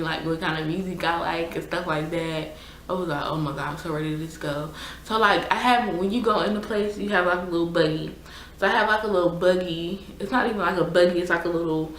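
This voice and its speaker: A woman's voice: lowish voice, fairly bright tone, a little hiss or hum. A young woman, chatting casually and exasperatedly through a storytime vlog with lots of fillers. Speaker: YouTuber. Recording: echoey room.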